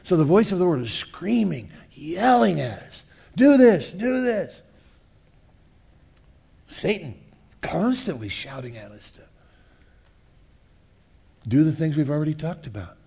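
A man preaching a sermon in a casual, conversational way, often asking the congregation questions, swinging from loud outbursts to hushed asides and acting out voices. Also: fairly high pitch, very animated, moderate pace, gravelly, long pauses, husky. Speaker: pastor.

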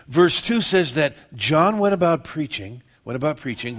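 Pastor guy preaching, kinda high voice, keeps asking the crowd stuff and cracking jokes. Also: animated, normal speed, a bit bright. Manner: conversational, asks the congregation questions, joking. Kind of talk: sermon.

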